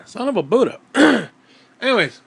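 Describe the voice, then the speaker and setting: A man ranting casually at home, profane and rambling, often clearing his throat and short of breath. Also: very high-pitched, very animated, normal speed, fairly bright tone. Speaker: vlogger.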